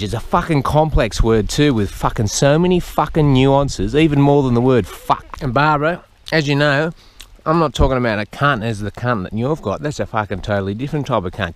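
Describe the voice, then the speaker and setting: A man's voice: mid-range voice, slight background noise. Blunt sweary man. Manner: sweary, blunt, chatting to the animals. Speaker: farmer feeding animals. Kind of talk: profane comic monologue to animals. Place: outdoors on a farm.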